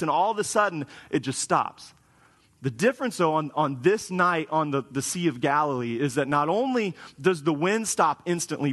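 Casual pastor in a reverberant church. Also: male voice, a little high, fairly bright tone. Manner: casual, wry and self-deprecating, with frequent restarts. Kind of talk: conversational sermon. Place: church sanctuary. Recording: long hall reverb.

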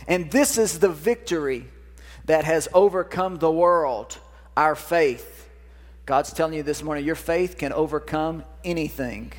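A man's voice: fairly high pitch, unhurried. A pastor preaching a sermon to his congregation, folksy and repetitive, calling for responses from the crowd. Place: church sanctuary. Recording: long reverb of a church hall.

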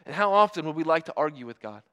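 High-voiced man preaching with emphatic pauses. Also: very animated, bright, forceful tone. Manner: earnest, emphatic, rhetorical questions with dramatic pauses. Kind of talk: sermon.

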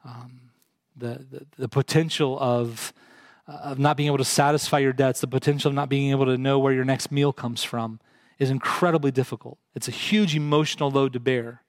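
A man's voice: mid-range voice, steady tone, normal speed, no echo. A man preaching a sermon, earnest, putting direct questions to his congregation. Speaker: pastor.

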